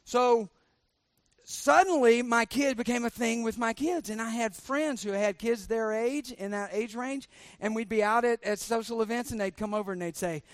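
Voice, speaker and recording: A middle-aged male pastor with a fairly high voice preaches a sermon. He jokes, slips into sarcasm and keeps quizzing the congregation with questions, and his voice sounds close and dry. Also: moderate pace, no room sound.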